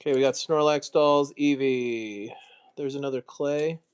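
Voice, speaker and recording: A man's voice: mid-range voice, fairly even intonation, unhurried, clean tone. An American man chatting casually on a live stream, muttering asides and mocking himself as he goes. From United States. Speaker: streamer, card collector.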